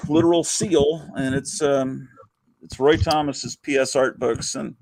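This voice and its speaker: Gravelly older man, rambling chat. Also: medium pitch, steady tone, a little slow, a little mellow, dry recording, low-quality recording. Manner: rambling, chuckling, many fillers. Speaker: host. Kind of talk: casual chat.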